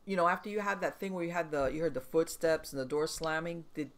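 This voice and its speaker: A woman's voice: low voice, fast. A woman interviewing a guest, mostly giving brief, encouraging replies.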